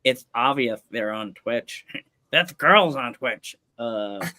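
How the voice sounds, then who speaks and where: A man doing an impression of a dim-witted, leering teenage boy from a cartoon, talking in a low, slow, dopey drawl with stalled fillers. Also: animated, pushed and bright, dry recording, full character voice. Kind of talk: impression on a live-streamed podcast.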